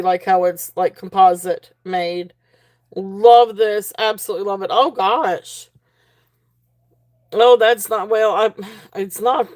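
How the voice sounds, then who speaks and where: A woman's voice: medium pitch, darkish tone. A woman hosting a live-stream jewelry auction in a chatty, rambling way, full of fillers and restarts as she reads the chat aloud. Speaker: livestream auction host.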